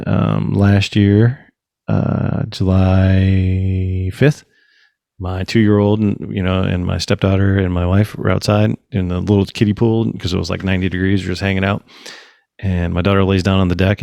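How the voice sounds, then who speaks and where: A man with a low, gravelly voice, hosting a casual podcast chat. He tells stories with energy and acts out the other people's lines. The sound is close and dry. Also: brisk, dry recording. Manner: animated storyteller, acts out quotes, swears casually. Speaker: podcast host.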